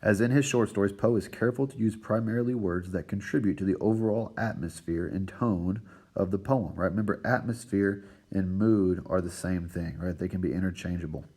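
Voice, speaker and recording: A man with a low, slightly husky voice walks his students through a recorded lesson. He lectures steadily and keeps tagging his points with "right?" and "all right." The tone is that of a teacher explaining material step by step. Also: brisk, darkish tone. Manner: checks in with a constant "right?" and "all right".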